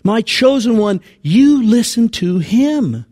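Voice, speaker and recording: A solemn, high-pitched proclamation as God speaking from a cloud, put on by a preacher. He stretches each phrase slowly and with weight, with a wide swing in pitch. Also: very animated, a little mellow, exaggerated voice. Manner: slow, raised, proclaiming.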